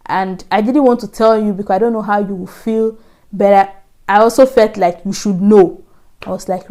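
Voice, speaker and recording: A Nigerian woman vlogger telling a personal story in a lively, animated way, acting out the voices she quotes. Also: medium pitch, normal speed. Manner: animated, acts out quoted voices, frequent laughs. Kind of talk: casual storytelling.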